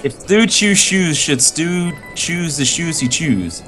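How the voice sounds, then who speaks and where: A man's voice: fairly high pitch, lively intonation, slow pace, music in the background. A man hosting a casual livestream with friends, reading tongue twisters aloud, laughing a lot and swearing when he trips up.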